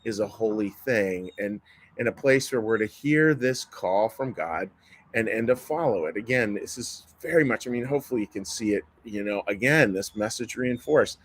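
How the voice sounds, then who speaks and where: A man's voice: on the low side, animated, moderate pace, poor audio. A man in his fifties giving a sermon as a pastor, in a folksy manner with frequent restarts and repeated words. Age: 50s.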